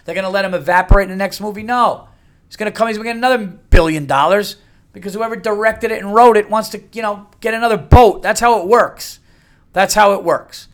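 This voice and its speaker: Middle-aged male podcast host, high-pitched, blunt and profane, rambling delivery. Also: a little fast. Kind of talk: casual solo podcast rant.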